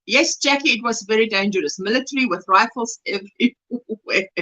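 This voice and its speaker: A woman's voice: fairly high pitch, normal speed, bright, forceful tone, low-quality recording. A South African woman hosting a casual livestream, reading viewers' chat messages aloud and answering them, laughing often as she talks. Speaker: livestream host.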